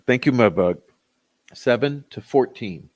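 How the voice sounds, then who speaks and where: A man's voice: medium pitch, expressive, measured pace. A man hosting a commentary channel, ranting in a blunt, sarcastic, profane way.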